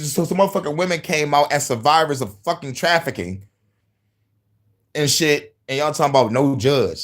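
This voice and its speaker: A man's voice: medium pitch, brisk. A man hosting, ranting in a profane, casual commentary style, often laughing as he talks. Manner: animated, laughing, cursing. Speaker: host.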